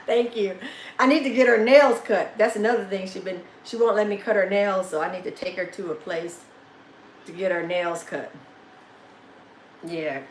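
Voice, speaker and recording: A woman hosts a relaxed home livestream. She laughs often and slips into baby talk with her dog. The sound is echoey, with a faint hum of room noise behind her. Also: mid-range voice, moderate pace. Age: 50s. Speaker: vlogger hosting a live chat. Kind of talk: casual livestream chat.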